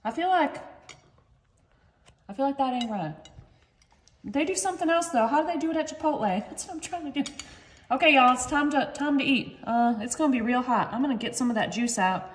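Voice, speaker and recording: Woman, high bright voice, casual self-deprecating cooking host, roomy kitchen sound with pans in the background. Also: brisk, pauses often. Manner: chatty, self-joking, keeps saying "y'all". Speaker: home cooking channel host. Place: home kitchen.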